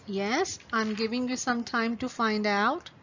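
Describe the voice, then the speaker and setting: A woman's voice: fairly high pitch, steady tone, a little slow, a bit bright. A woman teaching a class of young pupils, patiently stretching out words syllable by syllable and giving step-by-step instructions. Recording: dull lo-fi recording with faint ambient noise.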